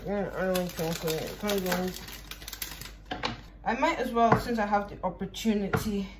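A young Irish woman, a vlogger, chats casually in her kitchen at home while baking, rambling, joking and swearing freely. Her voice sits at a medium pitch and moves at a moderate pace. The home recording is noisy.

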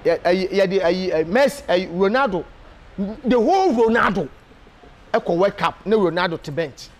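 A Ghanaian man giving an animated, emphatic casual interview, full of hesitation fillers. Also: high-pitched, normal speed. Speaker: interview guest.

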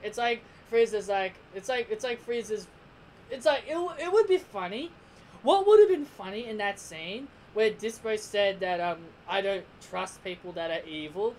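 A man's voice: sits high, big pitch swings, normal speed, a little mellow, a little hiss or hum, low-quality recording. Rambling, amused male reviewer. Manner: rambling, frequent restarts and repeats; amused, laughs often. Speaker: anime episode reviewer. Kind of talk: casual spoken review.

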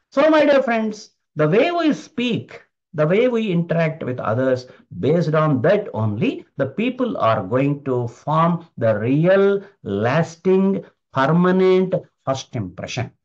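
Motivational speaker, man, fairly high voice, emphatic and repetitive. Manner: emphatic, repeats key phrases. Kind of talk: motivational talk. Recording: dull lo-fi recording.

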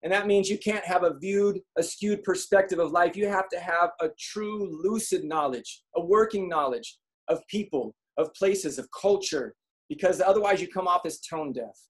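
A man giving a motivational talk to an audience, telling comic stories and acting out quotes in an animated way. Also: high voice, normal speed, slightly rough. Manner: animated storyteller, acts out quotes. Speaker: speaker.

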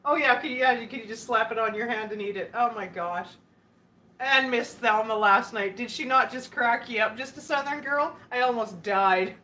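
A woman's voice: on the high side, normal speed, pushed and bright. A woman hosting a casual live stream, chatting and giggling as she answers viewer comments. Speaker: livestream host.

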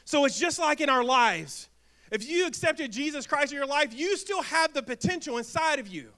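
A man preaching a sermon in a church, energetic, asking the congregation questions and acting out little quips. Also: very high voice. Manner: energetic, asks the crowd questions and acts out quips. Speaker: pastor. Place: church sanctuary.

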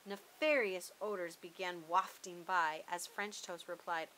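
A woman hosting a channel who reads a rhyming children's picture book aloud in a lively, sing-song way. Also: mid-range voice, a little slow, hardly any pauses, poor audio. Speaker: storybook reader.

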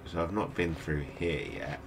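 A tired British man, up at night, hosts a let's play and rambles to himself in casual commentary while gaming. His rumbling low voice is expressive with vocal fry and a moderate pace. The background is noisy, with game music playing behind him.

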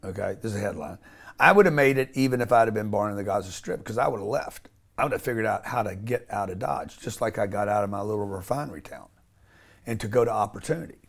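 A man's voice: lowish voice, fast, gravelly, fairly bright tone. A man speaking as an interview guest, blunt and emphatic, often restarting and swearing casually.

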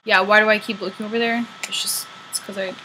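A woman's voice: medium pitch, little pitch movement, fast talker, bright, forceful tone, a little hiss or hum, poor audio. A Canadian woman vlogging to camera as a singer-songwriter, rambling through opinionated, joking asides in casual chat.

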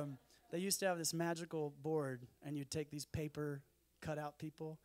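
A man speaking at a conference in an animated, conversational sermon style with jokey asides. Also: a little high, brisk.

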